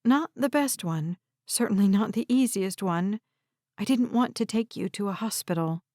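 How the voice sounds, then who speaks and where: A woman voicing an anxious, protective young caretaker who talks gently and soothingly. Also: medium pitch, lively intonation, moderate pace, no room sound, studio quality, lightly acted. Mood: worried.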